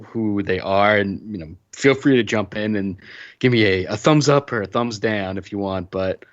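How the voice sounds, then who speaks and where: A man hosting a casual podcast chat, sardonic, reading out items in a flat way. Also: lowish voice, normal speed, dry recording. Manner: sardonic, reads list items flatly. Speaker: podcast host. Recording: dull lo-fi dry sound.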